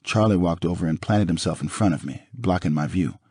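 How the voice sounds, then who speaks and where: A man narrating an audiobook in the first person with a dramatic, expressive reading. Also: sits low, a little fast, husky, no room sound, clean studio sound.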